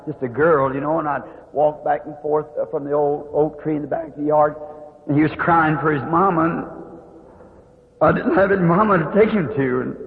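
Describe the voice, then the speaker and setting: Brief: male preacher, emotional testimony, long hall reverb. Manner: emotional, pleading, rising to high cries. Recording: tinny old lo-fi recording in a reverberant hall.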